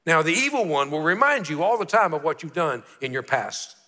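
A man's voice: fairly high pitch, very animated, fairly quick, pushed and bright, in a large hall. A man in his sixties, a pastor preaching a sermon with earnest storytelling and repeated key phrases. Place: church sanctuary.

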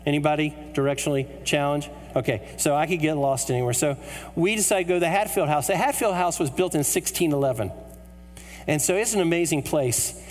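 Animated storytelling preacher in an echoing hall. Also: male voice, a little high, a little fast. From United States. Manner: animated storyteller with a comic delivery. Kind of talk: sermon with humorous story. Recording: hall reverb with mains hum.

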